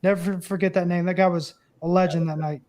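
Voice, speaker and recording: A man's voice: high-pitched, a little fast. A man in his thirties, a former catcher guest, telling stories in a casual interview and acting out the voices of the people in them. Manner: animated storyteller, acts out quoted voices.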